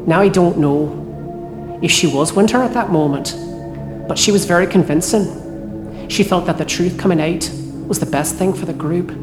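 Actress as a rattled night cleaner, low voice, halting, swears a bit, roomy w/ music. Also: female voice, natural voice. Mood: regretful. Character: shaken woman night cleaner recounting horror. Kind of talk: horror audio drama. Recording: roomy with music score behind.

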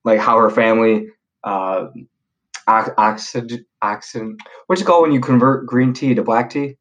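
A young man telling a story in a relaxed podcast chat. He talks in a loose, slangy way, full of fillers and quick restarts, and his voice sits at an ordinary middle pitch. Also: dull audio. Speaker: podcast guest.

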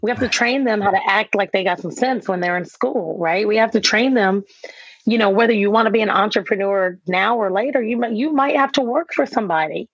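Animated woman telling parenting stories. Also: mid-range voice, brisk, husky, no echo. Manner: animated storyteller acting out her kids and herself. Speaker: author and guest. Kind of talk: conversational interview. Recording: dull, dry sound.

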